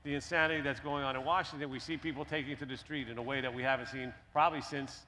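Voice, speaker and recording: A man's voice: medium pitch, steady tone, fast, bright, forceful tone, slight background noise. A man speaking earnestly and persuasively on a conference panel. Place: conference stage.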